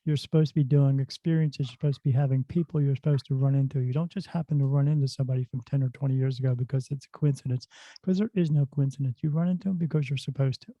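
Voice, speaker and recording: A middle-aged man, a spirit medium guest on a podcast, telling stories in a lively, casual way. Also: medium pitch, fast talker, no room sound. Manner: animated storyteller who acts out dialogue. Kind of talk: casual storytelling in a podcast interview. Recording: dull, dry lo-fi sound.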